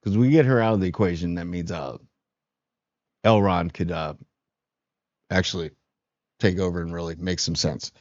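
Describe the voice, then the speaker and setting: Low-voiced laid-back man reviewing a show. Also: normal speed, pauses often, darkish tone, no echo, highs cut off. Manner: rambling, slangy, laid-back. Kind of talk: casual spoiler review.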